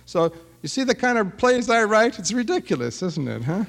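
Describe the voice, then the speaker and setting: A man in his fifties, a writer giving a lively talk to an audience, animated and feisty and often tagging his remarks with a challenging "huh?". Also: a little high, a little slow.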